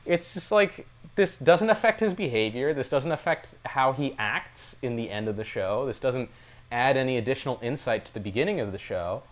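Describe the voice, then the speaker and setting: Male podcast co-host, wry and rambling, very animated pitch. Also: normal speed. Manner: rambling, lots of fillers, wry. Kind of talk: casual chat reviewing a TV series.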